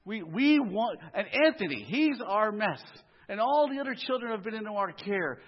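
A pastor from the US inner city preaches a sermon in a church sanctuary, his high-sitting voice animated and moderately paced. He mixes in conversational asides and humor, and the live recording is muffled with long reverb.

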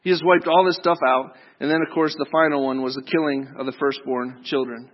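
A man's voice: fairly high pitch, fairly even intonation, fairly quick. A male preacher retelling a story in a sermon, conversational and joking, with asides to his listeners. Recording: dull lo-fi recording.

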